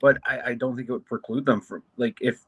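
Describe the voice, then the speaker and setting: A man co-hosting a casual sports chat, speaking haltingly with restarts. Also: mid-range voice, fairly even intonation, fairly bright tone, husky, no echo. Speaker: podcast co-host.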